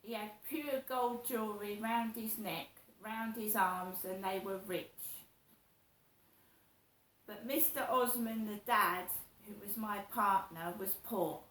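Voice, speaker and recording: A middle-aged woman telling a personal story in a slow, repetitive, aggrieved way. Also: mid-range voice, a bit bright, slight background noise. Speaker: vlogger. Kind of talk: personal monologue. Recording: roomy echo.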